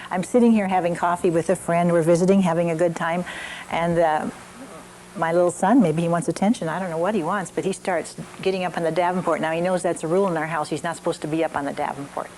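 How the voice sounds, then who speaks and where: An older woman teaching a parenting class, gently telling stories from her own family with frequent restarts. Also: lowish voice, fairly even intonation, fast, a little hiss or hum, rough recording.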